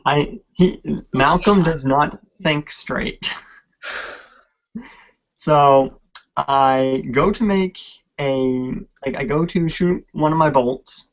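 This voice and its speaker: A man on a podcast telling a tabletop game story at a slow, halting pace, full of fillers, on a lo-fi recording. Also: fairly high pitch. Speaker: podcast co-host.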